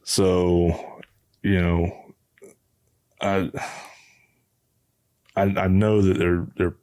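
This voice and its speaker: A man's voice: low voice, flat delivery, extremely slow, a little mellow, no echo. A man hosting a podcast, chatting in an easygoing, agreeable way with hesitant restarts. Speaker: podcast host. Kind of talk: casual chat.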